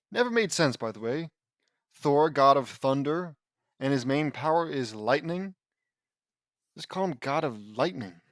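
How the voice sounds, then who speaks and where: Brief: sarcastic male fan fiction reader with a lively, swooping delivery, slightly high, in a dry, close room. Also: unhurried, pauses often, no room sound. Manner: sarcastic, rambling, stumbles and restarts often. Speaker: audiobook reader and commentator.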